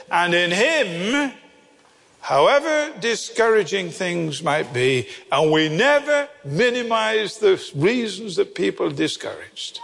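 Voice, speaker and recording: An older preacher delivers a sermon with a high, widely swinging voice and a gravelly edge. He acts out the voices in his stories with gusto. The sound carries a long reverb, as in a large hall. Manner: animated storyteller, acts out voices.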